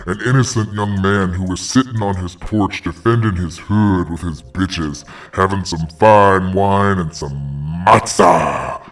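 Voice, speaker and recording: A man's voice: sits low, a little slow, few pauses, distant mic. A man hosting a parody hotline, talking in slangy, mock-preachy street lingo. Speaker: host.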